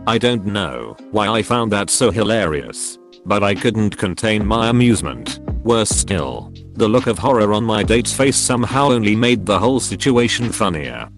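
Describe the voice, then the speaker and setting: A man reading online stories aloud in an even, deliberate scripted narration. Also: lowish voice. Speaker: story narrator. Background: background music.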